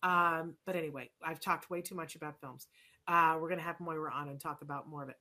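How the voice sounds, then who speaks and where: A woman's voice: sits low, steady tone, fast, sharp tone. A woman hosting a talk show, chatting in a rambling, opinionated way with many restarts. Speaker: show host. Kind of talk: casual chat.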